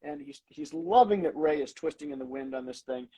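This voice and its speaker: A man, a comedy writer, telling behind-the-scenes stories in a lively way, acting out lines as he goes. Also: on the high side, fairly quick, breathy edge, poor audio. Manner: animated, acts out lines in quoted voices. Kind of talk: anecdotal storytelling.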